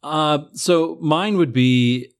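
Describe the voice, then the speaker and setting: A man's voice: on the high side, drawn-out words, smooth. A man co-hosting a casual film review chat, easygoing and a little hesitant. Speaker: podcast co-host.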